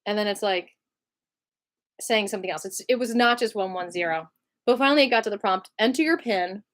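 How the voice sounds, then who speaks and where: A young woman telling a personal story to camera in an emotional vlog, acting out the voices of the people in it. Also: normal speed. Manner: animated, acts out other people's lines with big pitch jumps.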